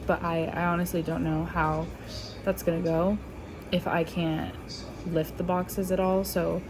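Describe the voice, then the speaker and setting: A young adult woman and stay-at-home mom, chatting casually while driving and thinking out loud with lots of filler words. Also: lowish voice, noisy background. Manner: rambling, talks through her thoughts with many "like"s. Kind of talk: casual chat.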